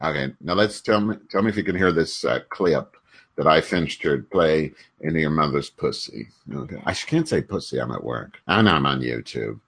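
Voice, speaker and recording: A deep-voiced man chats casually over a call as a podcast co-host. His pitch swings widely as he bickers and tosses out crude teasing. He is testing a desk mic. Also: animated, normal speed, fairly bright tone, husky. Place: workplace room with a fan.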